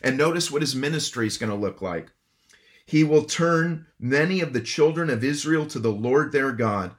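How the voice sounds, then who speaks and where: A man's voice: medium pitch, animated, normal speed. A man preaching an expository sermon, earnest and emphatic, asking his listeners questions. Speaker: pastor.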